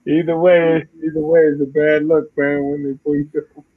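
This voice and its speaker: A man's voice: a little high, little pitch movement, moderate pace. A man, talking in a laid-back, slangy way in casual chat. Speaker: podcast co-host. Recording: tinny phone-like line.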